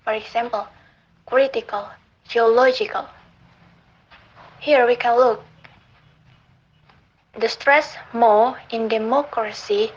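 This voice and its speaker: A young woman with an Indonesian accent who speaks Indonesian as her first language, reading an academic lesson aloud in a careful, slightly halting way, with small grammar slips. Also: fairly high pitch, breathy edge, lo-fi sound. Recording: faint background noise.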